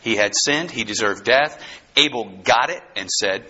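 A man preaching a fervent, excitable sermon who often bursts into shouts. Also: mid-range voice, measured pace, slightly rough, dull audio.

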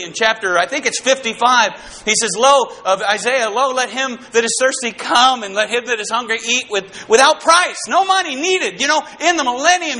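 Impassioned high-voiced male preacher. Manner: impassioned, swings between shouting and dropping low. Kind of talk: sermon.

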